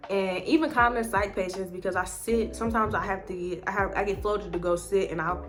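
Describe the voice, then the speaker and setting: A woman's voice: medium pitch, steady tone, a little fast, music in the background. A woman chatting casually as a nursing student vlogger, full of "like" and "um". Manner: chatty, leans heavily on "like" and "um". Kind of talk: casual chat.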